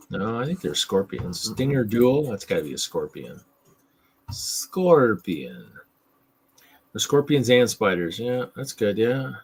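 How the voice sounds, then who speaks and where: A man's voice: fairly low pitch, fairly bright tone, slightly rough. A man hosting a live hobby stream in casual chat, ranting in an exasperated, sarcastic way and often repeating himself.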